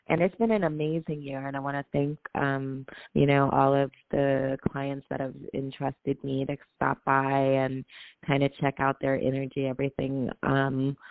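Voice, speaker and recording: A woman's voice: a bass voice, creaky, dry recording. A woman guest talking about crystals and energy, eager and full of fillers. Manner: enthusiastic, filler-heavy, laughs often. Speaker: guest, aura photographer. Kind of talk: casual interview chat. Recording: tinny phone-like line.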